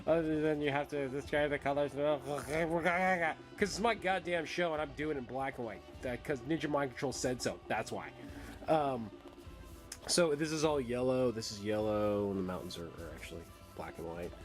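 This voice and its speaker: A man's voice: medium pitch, moderate pace, faint music behind. A man hosting his own record collection vlog, rambling in casual, crude, joking chat that trails off into mumbles.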